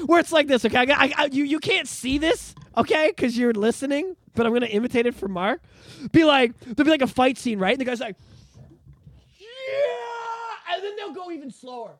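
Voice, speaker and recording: A man hosting a casual podcast, ranting excitedly about movies and swearing freely. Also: extremely high pitch, quick pace. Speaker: podcast host. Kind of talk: casual chat.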